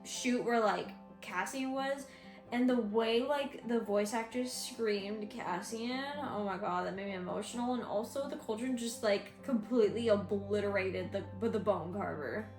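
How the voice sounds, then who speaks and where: A woman talking casually in a reading vlog, chatty and excitable, with many fillers and restarts. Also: mid-range voice, measured pace. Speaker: book vlogger. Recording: roomy echo with faint music.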